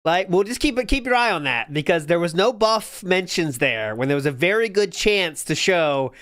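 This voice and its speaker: A man's voice: sits high, expressive, normal speed, a bit bright, smooth, no room sound, clean studio sound. A man hosting a watch-party stream, reading chat and making wry comments between laughs. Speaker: host.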